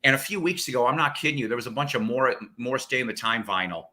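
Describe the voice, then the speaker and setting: A man hosting a casual radio show, excitable and profane, laughing often and slipping into impressions. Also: mid-range voice, quick pace. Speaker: radio host and record collector. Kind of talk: casual chat. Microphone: studio mics.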